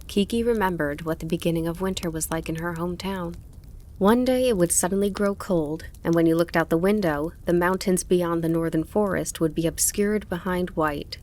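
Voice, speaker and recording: A woman narrating an audiobook in a calm, measured storytelling manner. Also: fairly low pitch. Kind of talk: scripted narration.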